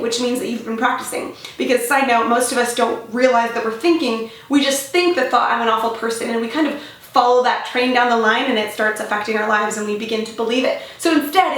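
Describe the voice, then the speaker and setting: A young woman vlogging in a casual, upbeat and animated way, giving self-help advice. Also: sits high, recorded from a distance. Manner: upbeat, animated, says "freaking" and "you guys". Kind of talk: casual motivational vlog. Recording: echoey room, away from the mic.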